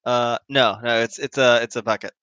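A man narrating a tabletop horror game as game master, halting often with fillers as he describes scenes. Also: medium pitch, fairly even intonation, sharp tone, clear, resonant tone, dry recording. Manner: hesitant, halting with many fillers.

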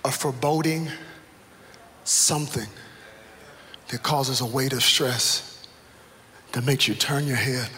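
Bright-voiced animated preacher, echoey hall. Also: male voice, medium pitch, slow pace, pauses often, slight background noise. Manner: animated, rising to excited shouts at story peaks. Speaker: pastor. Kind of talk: sermon with humorous storytelling. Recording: echoey hall, live room ambience.

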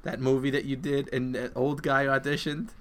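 A priest co-hosting a podcast, chatting casually with dry, teasing remarks. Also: male voice, mid-range voice, level tone, moderate pace, a crowd in the background. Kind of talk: casual chat.

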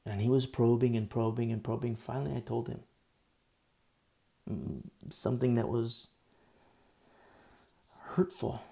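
Gravelly pastor guy preaching, mellow dark voice, gets loud then drops real quiet. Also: mid-range voice, unhurried, long pauses. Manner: emphatic and conversational, swinging from loud to hushed. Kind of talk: sermon.

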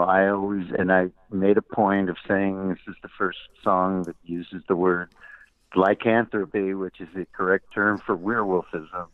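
A man's voice: low-pitched, a bit bright. An older man, a musician and guest, telling wry anecdotes in an interview. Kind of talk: interview storytelling. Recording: tinny dry phone-like line.

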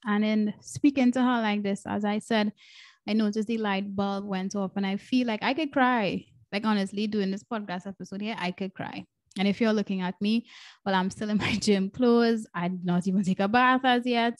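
A woman's voice: medium pitch, steady tone, normal speed, no room sound. A woman hosting a podcast as a breathwork coach, telling a personal story in an earnest, emotional way and repeating phrases for emphasis.

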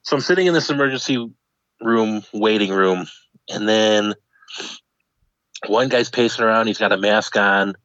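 A young man tells a funny personal story in an animated way, acting out the voices of the people in it. His voice is on the low side, at normal speed with frequent pauses, in a dull, lo-fi, dry recording.

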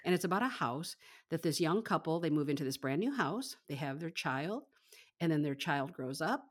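A woman's voice: low-pitched, animated, moderate pace. A woman co-hosting a casual book chat, effusive and rambling, laughing often. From Michigan, US. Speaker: podcast co-host.

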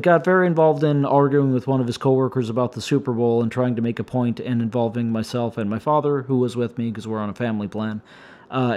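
A man hosting a solo podcast, his voice slightly hoarse and shaky, rambling and wryly complaining as he talks. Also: medium pitch, darkish tone. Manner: meandering, self-interrupting, wry complaints. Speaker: podcast host.

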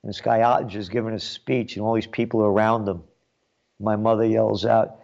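A man's voice: on the low side, flat delivery, brisk, gravelly, muffled recording. Sarcastic New man ranting. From New York. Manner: sarcastic, mocking, swings between loud jabs and muttered asides. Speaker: commentary show host. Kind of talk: ranting commentary monologue.

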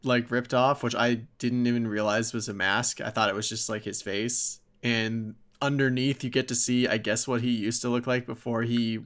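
Brief: excitable man gushing as co-host. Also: mid-range voice, moderate pace, few pauses. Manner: excitable fan, heavy on "like" fillers. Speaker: podcast co-host. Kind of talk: casual chat.

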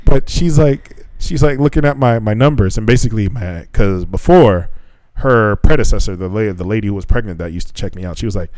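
A man on a casual podcast who talks with a lively, bouncing pitch and laughs through his stories. He swears freely and jumps into high squeaky voices when quoting people. The sound is dry and close. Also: a little fast, dry recording, low-quality recording. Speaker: podcast co-host. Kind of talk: casual chat.

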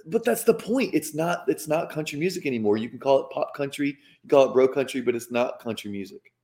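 Brief: mid-pitched Mississippi guy, pushes back hard in casual podcast banter. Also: animated, fast, a little mellow. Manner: insistent, repeats himself to make a point.

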